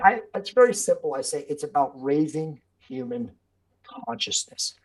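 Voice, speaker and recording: A man speaking as a podcast guest in casual interview talk. He is emphatic and blunt, swears freely and tosses in "bro" and "dude". His delivery stays forceful and direct. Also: a little high, very animated, normal speed, vocal fry, low-quality recording.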